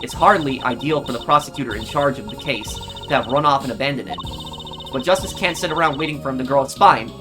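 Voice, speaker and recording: Male reader as proud young prosecutor woman, crisp, music bed. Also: medium pitch, quick pace, natural voice. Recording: game music behind voice.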